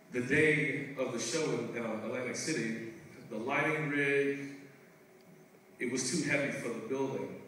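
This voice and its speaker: A man giving a lively, conversational testimony in a large church hall, heard from a distant mic. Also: medium pitch, slight background noise. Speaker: guest speaker.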